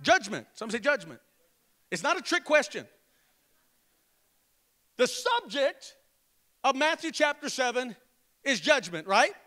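A pastor preaching a sermon, calling on the congregation to repeat after him and slowing to stress each word of scripture. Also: male voice, extremely high pitch, very animated, pushed and bright. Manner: emphatic call-and-response preaching.

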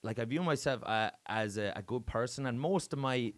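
An Irish man, a stand-up comedian, chatting casually as a podcast guest and telling lively, profane stories. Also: mid-range voice, moderate pace. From Ireland. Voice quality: lively, animated storyteller, swears freely. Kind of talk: casual chat, comic storytelling.

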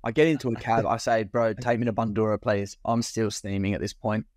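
A man's voice: on the low side, fairly even intonation, a little fast, darkish tone. A young man co-hosting a podcast, telling a rowdy night-out story with swearing and acted-out dialogue. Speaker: podcast co-host. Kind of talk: casual storytelling chat.

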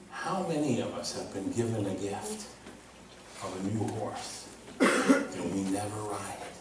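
A male pastor preaching a sermon, telling a story with lively, laughing delivery. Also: on the low side, a little slow, very noisy. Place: church. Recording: echoey hall from far off.

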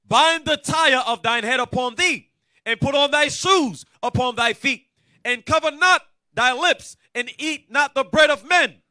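A man reading scripture aloud in a slow, formal, deliberate way. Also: extremely high pitch, pushed and bright, no room sound. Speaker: scripture reader.

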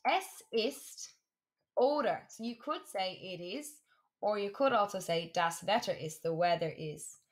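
Woman teaching German vocabulary. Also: medium pitch. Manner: slow, careful modelling of German words, repeating for practice. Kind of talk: classroom lesson for students.

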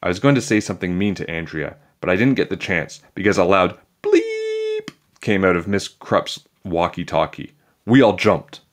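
A man reading a children's chapter book aloud in a playful, animated storytelling manner. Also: deep voice, normal speed. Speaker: storybook reader.

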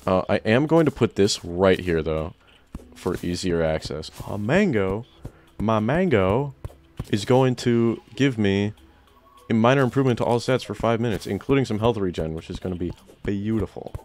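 A young man giving excited let's-play commentary, often jumping into loud, high-pitched outbursts. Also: moderate pace, faint music behind. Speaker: gaming YouTuber.

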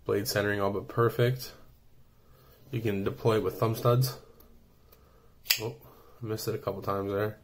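Man with a low voice, casual vlogger reviewing a knife, eager and rambling. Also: fairly even intonation, moderate pace, long pauses, slight background noise. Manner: enthusiastic, rambling with many fillers.

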